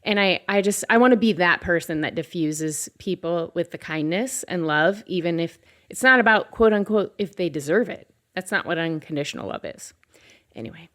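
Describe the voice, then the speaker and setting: A woman's voice: on the low side, normal speed. A woman pastor hosting a faith podcast, chatting casually and telling a story with acted-out quotes. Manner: animated storyteller, acts out quoted voices. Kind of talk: casual conversation.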